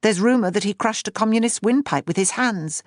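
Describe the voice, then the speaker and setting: A woman narrating an audiobook in a measured, even reading. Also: mid-range voice, no echo, studio quality.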